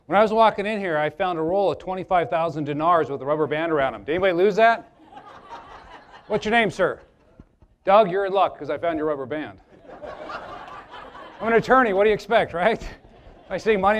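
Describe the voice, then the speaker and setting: Man, attorney at a workshop, joking storyteller, slightly high voice. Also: expressive, brisk, pauses often, slight background noise. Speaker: attorney presenting a seminar. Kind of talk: live workshop talk with jokes.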